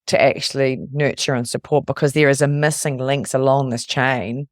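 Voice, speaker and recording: A man's voice: medium pitch, fairly even intonation, normal speed, dry recording, clean studio sound. Affirming man hosting an interview. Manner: affirming, reflective, restarts phrases. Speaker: podcast host.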